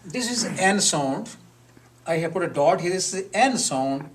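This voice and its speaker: Male professor, slow and deliberate, repeats words for the class, slightly distant mic. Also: high-pitched, lively intonation, a little hiss or hum. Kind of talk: live classroom lecture on pronunciation.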